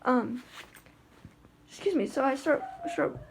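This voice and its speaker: A woman's voice: high-pitched, animated, takes it slowly, a little hiss or hum. A woman talking in a casual vlog about life with her guide dog, chatty and rambling with lots of fillers and restarts.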